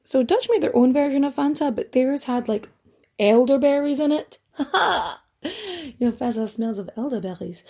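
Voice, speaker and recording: A chatty woman hosts a history podcast, telling her story with loose asides and the odd swear word. Her voice sits a bit high, with a mellow, darker tone and a husky edge. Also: animated, moderate pace. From Ireland. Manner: chatty and rambling, swears casually, frequent fillers and asides. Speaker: podcast host.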